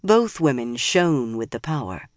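An audiobook narrator reads fantasy prose at a steady, measured pace. The voice sits in the middle register and is recorded close and dry, with no room sound. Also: mid-range voice, no room sound.

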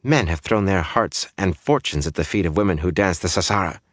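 A man voicing a proud, sharp-tongued young woman. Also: deep voice, animated, a little fast, no echo, studio quality. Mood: indignant. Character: young noblewoman, proud and quick-tempered.

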